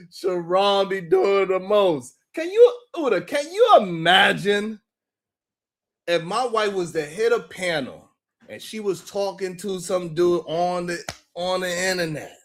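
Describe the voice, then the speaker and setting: A man with a high voice hosts a live stream at an easy, drawn-out pace. He talks in a loose, slangy and mocking way, laughing often and calling out viewers in the chat by name. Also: big pitch swings, fairly bright tone. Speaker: live-stream show host. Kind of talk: casual live-stream commentary.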